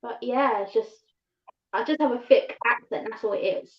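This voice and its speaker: Fast-talking woman with a southern English accent. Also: a little high. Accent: southern English, London-tinged. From England, north of London. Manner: fast-talking, rambling with restarts. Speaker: livestream guest. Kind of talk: casual chat. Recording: echoey, dull livestream audio.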